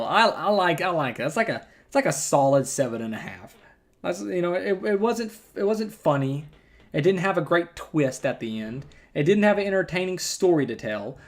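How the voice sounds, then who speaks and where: A man's voice: a little high, very animated, moderate pace. A man with a rural twang chatting casually as a game streamer, rambling and correcting himself as he goes. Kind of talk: casual gameplay commentary.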